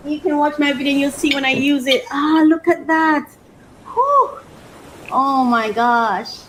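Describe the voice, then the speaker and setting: A woman's voice: high voice, fairly even intonation, normal speed, fairly bright tone, a little hiss or hum, rough recording. A woman vlogger chatting casually as she unboxes, exclaiming often and laughing between phrases. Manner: thinks aloud about her life.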